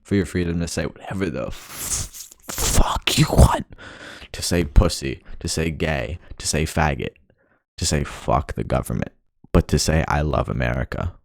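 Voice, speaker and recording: Gravelly, very deep-voiced young man ranting. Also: expressive, normal speed, no room sound, studio quality. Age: young adult. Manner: frustrated, profane, rambling. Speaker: vlogger. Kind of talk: ranting monologue.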